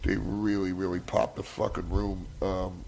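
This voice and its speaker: An older man, a comedian, chatting casually and rambling through stories with lots of fillers and swearing, relaxed and mellow after a massage. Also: deep voice, unhurried, vocal fry, slight background noise. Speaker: stand-up comedian guest. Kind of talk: casual chat.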